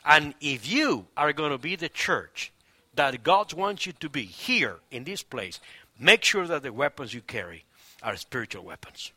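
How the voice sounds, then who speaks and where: Pastor, male, animated sermon storyteller; high, bright, very expressive delivery. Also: measured pace, breathy edge, no echo. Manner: animated storytelling, acts out quoted voices; swings between loud preaching and hushed near-whispers.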